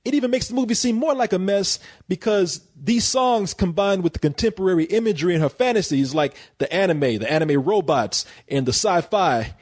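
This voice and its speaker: A man's voice: on the high side, a little mellow. A man reviewing a film in casual podcast chat, rambling with stammered restarts and frequent laughter.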